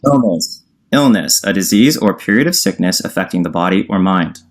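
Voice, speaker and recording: During a heated argument on a livestream call, a man with a deep, animated voice speaks at normal speed. He presses his point insistently, reading out definitions and talking over whoever he's debating.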